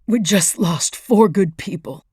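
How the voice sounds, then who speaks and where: A woman's voice: lowish voice, unhurried, a little mellow, no room sound, clean studio sound. A woman reading an audiobook voices an injured male agent who speaks choked and through gritted teeth, strained with pain.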